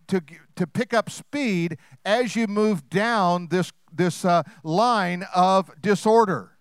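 A man preaching with a high, smooth, resonant voice. He talks in a lively, conversational way and slips into acted-out voices. The sound is close and dry. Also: no echo. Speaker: pastor. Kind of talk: sermon.

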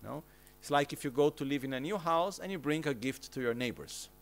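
A man teaching Buddhist practice in a gentle, conversational way, often checking in with his listeners. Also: a little high, animated, brisk. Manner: gentle, keeps checking in with "okay?" and "no?"; plain conversational explanations with everyday examples. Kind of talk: Dharma teaching commentary.

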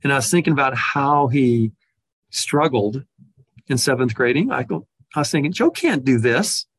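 Man, middle pitch, storyteller, reflective and halting, dry close sound. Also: no room sound. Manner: reflective, with frequent restarts and repeated words. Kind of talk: personal storytelling.

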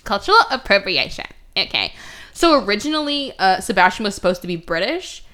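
A young woman hosting a podcast in casual chat, sarcastic, often slipping into quick mocking voices for characters. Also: mid-range voice, big pitch swings, bright, forceful tone. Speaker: podcast host.

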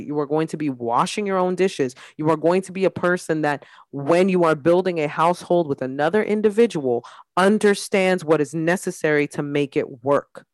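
A woman's voice: low-pitched, no room sound. A woman hosting a podcast, talking in a blunt, candid way and leaning often on "like". Her voice is recorded close and dry, with no room sound around it. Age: adult mother. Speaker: podcast host. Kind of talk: casual chat.

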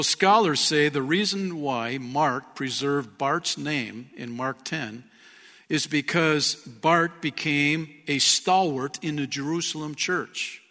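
A man preaching in a church sanctuary, his bright, forceful voice ringing out with a long hall reverb. He is an earnest pastor who talks straight to his listeners and asks them questions. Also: on the high side. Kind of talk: sermon.

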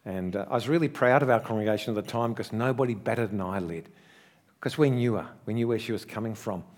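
Man, middle-aged pastor, sermon, earnest storytelling, swelling emphasis, hushed slow asides. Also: fairly low pitch. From Australia.

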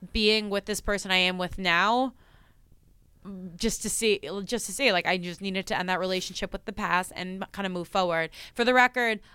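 A young woman talking casually as a podcast guest, earnest and animated, laughing often. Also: mid-range voice, clean tone, no echo. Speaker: podcast guest, psychic medium. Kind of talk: casual chat.

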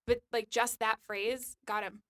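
A woman's voice: fairly high pitch, background noise. A woman guest on a comedy podcast who tells a chatty anecdote and acts out the other people's lines as she quotes them. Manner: fast, animated storyteller, acts out quotes. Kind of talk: casual chat, anecdote telling.

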